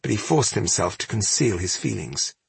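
A man narrating a fantasy audiobook with a steady, measured reading. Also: fairly low pitch, vocal fry, slightly rough, dry recording.

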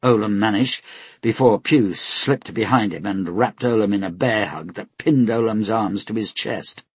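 A man narrating an audiobook in a steady, measured storytelling voice. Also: lowish voice, slightly rough, no echo. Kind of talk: scripted narration.

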